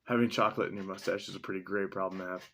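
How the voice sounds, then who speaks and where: A man's voice: sits low, steady tone, racing, a bit bright, a little hiss or hum. Rambling, profane man musing aloud. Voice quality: mustache-wearing man chuckling between remarks. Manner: profane, sarcastic, thinks aloud with many fillers. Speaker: vlogger reading and reacting to a text. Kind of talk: casual rambling commentary.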